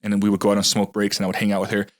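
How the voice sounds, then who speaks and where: A man's voice: lowish voice, monotone, very fast, no room sound, clean studio sound. A man in a casual podcast conversation, telling a personal story in an earnest, rambling way full of restarts.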